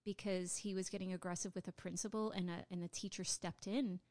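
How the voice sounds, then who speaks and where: A woman's voice: fairly low pitch, fairly even intonation, fairly quick, darkish tone. A woman from Florida co-hosting a podcast, chatting casually and repeating words for emphasis. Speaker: podcast co-host. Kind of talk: casual chat.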